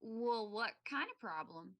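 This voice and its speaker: A woman's voice: fairly high pitch, animated, a little slow, a bit bright. A woman voicing an eager, flustered girl who stammers as she offers help.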